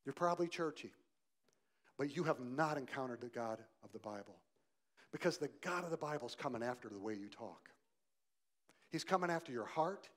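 Brisk and expressive, this mid-range male voice belongs to a pastor delivering a sermon. He alternates loud, emphatic moments with soft, quiet ones and questions the congregation directly.

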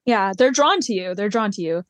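A woman's voice: medium pitch, expressive, a little fast, no echo. A woman co-hosting a casual podcast chat, reacting to and teasing her friend. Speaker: podcast co-host.

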